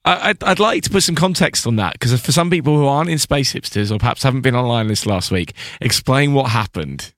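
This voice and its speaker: A man's voice: mid-range voice, expressive, fairly quick, hardly any pauses, fairly bright tone, no room sound, clean studio sound. A man co-hosting a space podcast in casual chat, teasing and easygoing. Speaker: podcast co-host.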